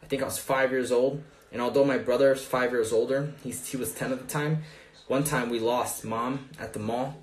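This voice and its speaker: A man coaching on dating, telling a story in a casual, profane, animated way during a live Q&A. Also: mid-range voice, moderate pace, a little hiss or hum.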